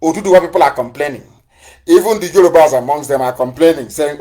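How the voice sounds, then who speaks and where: Fiery man, higher voice. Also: quick pace, dark tone. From southeastern Nigeria. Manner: fiery, repetitive rhetorical questions and taunts. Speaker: movement leader on a live broadcast. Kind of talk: impassioned live broadcast address.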